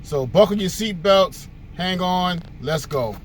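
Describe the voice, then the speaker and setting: Male host, casual storyteller, high voice with a lively swing, faint noise in the background. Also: slow pace. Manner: conversational, storytelling, with fillers. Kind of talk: casual monologue commentary.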